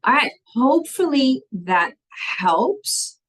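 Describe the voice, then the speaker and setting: A woman's voice: sits high, very animated, slow, slightly rough, low-quality recording. A woman, teaching a language lesson and patiently walking through spelling rules step by step, often checking in with "okay?".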